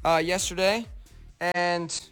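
A man's voice: sits high, steady tone, takes it slowly, a bit bright, clean tone, faint music behind. A young American man from near Seattle, chatting as a guest in a radio interview, upbeat and a bit rambling. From United States, near Seattle. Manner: upbeat, rambling, lots of ums. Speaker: guest musician. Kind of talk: casual interview chat.

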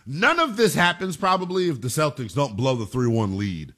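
A man hosting a sports talk radio show, delivering an emphatic, animated monologue. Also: mid-range voice, normal speed.

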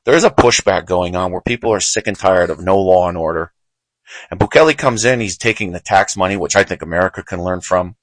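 A man's voice: sits low, fairly quick, no echo, low-quality recording. A man hosting a show, giving heated, emphatic political commentary with frequent repetition. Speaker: show host.

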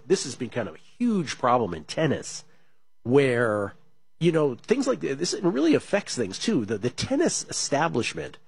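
Husky-voiced talk radio host, a man. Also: mid-range voice, no echo. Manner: fast, animated, reads listener tweets aloud. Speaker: sports betting radio host. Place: radio studio.

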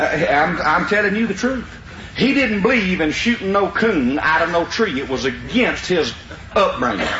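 A man's voice: sits high, a little hiss or hum. An older man with a drawl, telling a folksy story to an audience and laughing as he goes. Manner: drawling, animated, laughing through the tale. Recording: dull lo-fi recording in a roomy hall.

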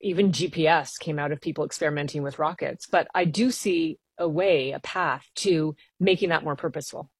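A woman's voice: deep voice, brisk, hardly any pauses, breathy edge, no echo. A woman scientist, a guest on a radio interview, explaining her work at length with earnest enthusiasm.

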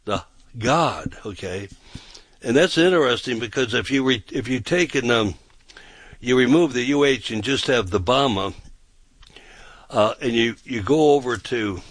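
This is a man, a pastor, giving conversational Bible teaching on a talk show. He rambles, repeats himself and keeps checking in with his listener. His voice is mid-pitched and sounds dry, with no room echo. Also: fairly bright tone. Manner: rambling and repetitive, often checking with "okay?".

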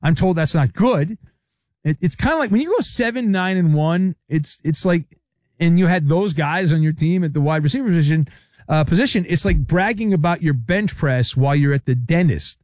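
A man's voice: on the high side, expressive, normal speed, darkish tone, dry recording, studio quality. A man hosting a sports talk show, delivering a sarcastic monologue full of playful riffs and asides. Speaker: sports talk radio host.

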